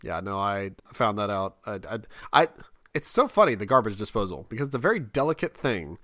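A man's voice: on the low side, sing-song, fairly quick, a bit bright, no room sound, clean studio sound. A man in his thirties chatting casually on a podcast, laughing often, stumbling over restarts and slipping into exasperated put-on voices. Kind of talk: casual comedic chat.

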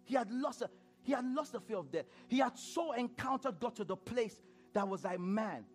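Animated guy preaching in church, laughs a lot, big swings in pitch, keeps asking the room stuff. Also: normal speed, soft background music. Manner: animated, laughing, repeats phrases and asks the crowd. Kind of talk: sermon.

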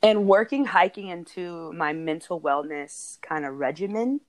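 A woman whose voice sits on the low side speaks a little slowly as a podcast co-host. She sounds casual, earnest and heartfelt, laughing often along the way.

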